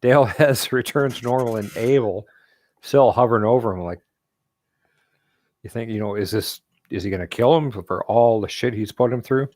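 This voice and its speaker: A man's voice: medium pitch, normal speed, darkish tone, no echo, studio quality. A man hosting a casual live stream about comics, laughing often and acting out character quotes as he goes. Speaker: host.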